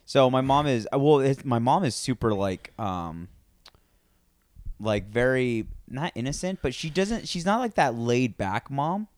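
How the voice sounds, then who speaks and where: A man's voice: mid-range voice, animated, a little slow, a little mellow, no echo, clean studio sound. A man in his thirties co-hosting a podcast, telling casual stories and acting out quotes with some swearing. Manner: storytelling, acts out quotes with swearing. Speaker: podcast co-host.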